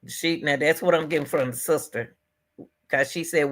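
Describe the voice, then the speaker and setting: A woman's voice: sits low, normal speed. A woman hosting her own commentary stream, talking casually and emphatically to her viewers and repeating her points. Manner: emphatic, repeats phrases, talks straight to viewers. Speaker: commentary channel host. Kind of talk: casual commentary on a news case.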